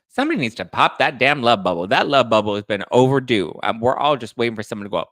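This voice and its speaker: A man hosting a casual celebrity gossip show, talking in a campy, shade-throwing way with quick asides. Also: mid-range voice, expressive, fairly bright tone, no echo, clean studio sound. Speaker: podcast host.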